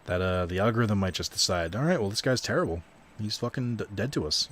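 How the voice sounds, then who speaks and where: A young man chatting loosely over a card video game stream, voice sitting a bit low. He rambles and pokes fun at himself, dropping the odd swear word. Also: expressive, fast talker, a bit bright. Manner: rambling, self-deprecating, swears casually. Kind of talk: casual gaming stream commentary.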